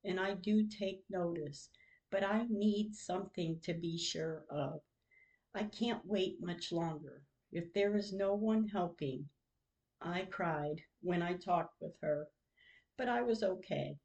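A woman's voice: on the low side, mellow, rough recording. A woman hosting a podcast, reading her own diary entries aloud in a grieving, emotional way. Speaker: podcast host.

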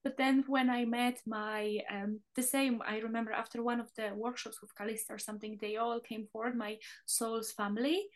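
A woman's voice: on the high side, flat delivery, moderate pace, hardly any pauses. A woman co-hosting a podcast, telling childhood stories in a casual chat, acting out the voices of the people she quotes and laughing often. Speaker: podcast co-host.

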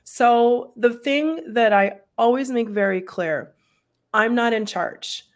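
A woman energy healer talking calmly and earnestly about healing and opening the heart. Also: a little high, takes it slowly. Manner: calm, earnest, explains at length. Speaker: energy healer and spiritual coach. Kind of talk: casual spiritual chat.

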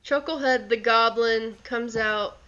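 A woman's voice: a little high, steady tone, measured pace, sharp tone, highs cut off. A woman narrating as game master in a tabletop game, hesitant and full of ums.

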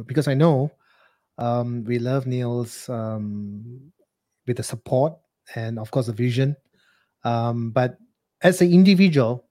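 Man, interview host, mellow dark tone, hesitant with ums. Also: medium pitch. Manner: hesitant, many ums, slow. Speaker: podcast host. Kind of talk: interview questions.

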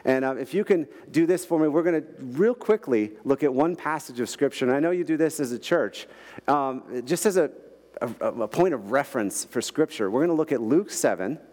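A man preaches with a fairly high, very lively voice that swings up and down as he tells emotional stories and laughs often. His sermon rings through a large church hall with a long reverb. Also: a little fast. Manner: animated, emotional storytelling with frequent laughs. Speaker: guest preacher.

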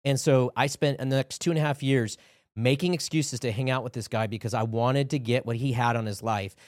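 A man's voice: medium pitch, steady tone, a little fast, no echo, clean studio sound. A man who is a podcast guest, telling a personal faith story in an earnest way and building into preaching. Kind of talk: testimony and exhortation.

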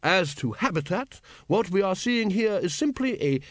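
Give me a man doing a sleepy, pompous old wizard with a high, quavering voice. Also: very animated, normal speed, no room sound. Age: older.

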